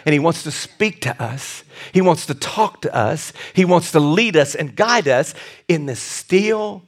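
Brief: middle-aged male pastor, fairly high voice, lively sermon delivery with loud peaks and hushed moments. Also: normal speed. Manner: animated preaching with sudden loud bursts and quiet asides.

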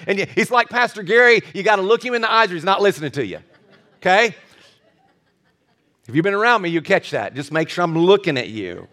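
A male pastor preaching a sermon, telling a Bible story with animated, acted-out quotes. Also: high-pitched, a little fast.

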